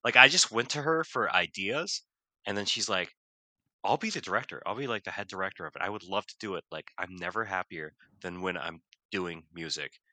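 A man's voice: deep voice, brisk, no room sound. A male vocal music teacher chatting casually, telling stories with lots of fillers and laughter. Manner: rambling, animated storytelling with many fillers and laughs. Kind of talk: casual podcast chat.

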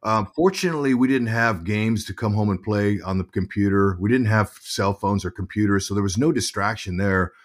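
A middle-aged man, a former ballplayer, telling stories as an interview guest in a lively, halting way that often repeats words. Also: lowish voice. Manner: animated storyteller, repeats words while thinking. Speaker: guest, former pro baseball player and broadcaster. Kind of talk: casual interview storytelling.

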